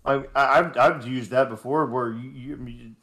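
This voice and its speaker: Male co-host, average pitch, lively and emphatic in casual talk. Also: measured pace. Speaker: podcast co-host, youth basketball coach. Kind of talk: casual chat.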